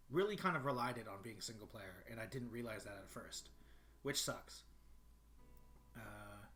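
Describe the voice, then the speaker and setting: A man with a deep voice chatting casually on a livestream, rambling and often clearing his throat. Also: bright, forceful tone. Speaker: streamer. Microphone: desktop microphone.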